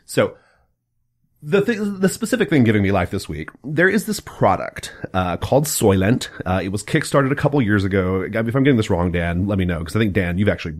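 Low-voiced, excitable male podcast host. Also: a little fast. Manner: excitable, profane, gushing with ironic enthusiasm. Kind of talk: casual podcast chat.

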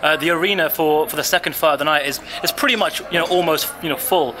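A male interviewer speaks quickly in a slightly high voice, stumbling through fillers and restarts. Clear noise sits behind him throughout. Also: pushed and bright. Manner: hesitant, many fillers and restarts. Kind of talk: post-fight interview. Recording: noisy background.

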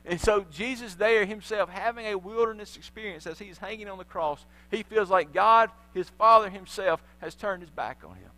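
High, bright-voiced man preaching a sermon. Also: moderate pace, hardly any pauses, dry recording, low-quality recording. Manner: animated storytelling, acting out voices of biblical figures. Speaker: pastor. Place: church sanctuary.

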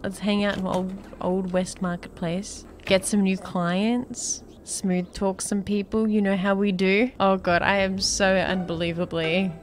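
A woman's voice: mid-range voice, little pitch movement, a little slow, hardly any pauses, slight background noise. A young woman commenting on a game as she plays, chatty and giggly, often gasping and squealing. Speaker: gaming YouTuber. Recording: music underneath.

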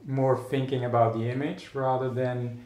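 At medium pitch with little pitch movement, a man from the Netherlands speaks in a slightly mellow voice. He's an artist guest musing in an echoey room during a casual interview, thoughtful and halting, with frequent restarts and fillers.

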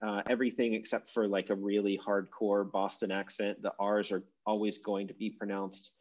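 A low-pitched man leads an online class in a loose, rambling way, full of fillers and restarts. His voice sits low and easy. The call audio is dull and lo-fi. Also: flat delivery, normal speed, darkish tone. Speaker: online course teacher. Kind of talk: casual lecture over video call. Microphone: video call.

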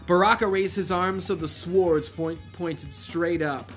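A man's voice: high-pitched, measured pace, few pauses, faint music behind. A man hosting a comedic read-through of a novel, breaking off from the text for wry asides. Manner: wry asides that interrupt the reading. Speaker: channel host reading a novel aloud.

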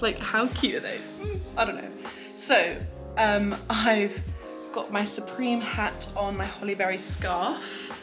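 A young woman, chatting casually and upbeat to camera in a vlog, with "like" in many sentences. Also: medium pitch. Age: young adult. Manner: chatty and upbeat, says "like" often. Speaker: vlogger. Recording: background music under the voice.

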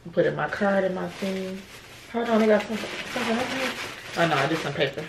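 A woman's voice: fairly low pitch, expressive, normal speed, slight background noise. A young woman chatting casually and bluntly in a vlog, swearing freely. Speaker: vlogger.

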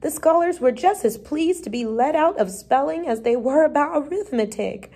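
A woman's voice: high-pitched, moderate pace, few pauses. Woman reading a children's story aloud. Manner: lively, brief changes of voice for the characters, occasional slips and restarts. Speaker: reader.

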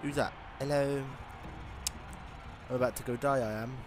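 A man's voice: mid-range voice, steady tone, normal speed, background noise. A man giving casual, joking commentary while playing a shooter game. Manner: jokey, chatty, rambling asides. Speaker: gameplay commentator. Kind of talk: casual let's-play commentary. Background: game music and sound effects.

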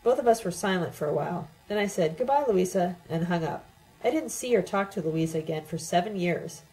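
Woman, lowish and mellow, steady first-person audiobook reading. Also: brisk, poor audio. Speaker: audiobook reader. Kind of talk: reading a novel aloud.

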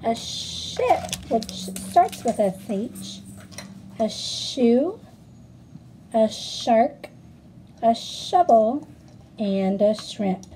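Young female teacher, lively sing-song delivery, slow and clear, noisy home recording. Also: fairly high pitch. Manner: sing-song, encouraging, sounds out letters. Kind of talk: children's phonics lesson.

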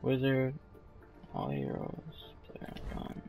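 A tired young man giving casual, low-key gameplay commentary into a headset mic, trailing off with fillers. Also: wildly swooping pitch, slow pace, creaky, music in the background. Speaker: gaming YouTuber. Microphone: gaming headset mic.

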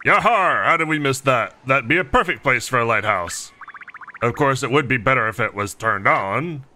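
A man voicing a gruff, hearty toad pirate captain in a pirate drawl mixed with Texan, reading game lines aloud over game music. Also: mid-range voice, lively intonation, moderate pace, pushed and bright, slight background noise. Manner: growling pirate exclamations.

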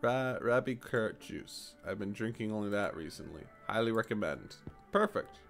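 A man giving casual, animated commentary while playing a store game, jumping to high excited exclamations and mock-polite shopkeeper lines. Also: moderate pace, creaky, soft background music. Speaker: gaming YouTuber.

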